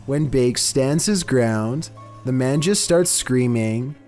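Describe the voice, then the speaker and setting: A man with a steady, mid-pitched voice reads a spooky countdown script in a flat monotone. His delivery stays even and unhurried throughout, with faint music playing underneath. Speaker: countdown video narrator. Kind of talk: scripted narration. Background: faint background music.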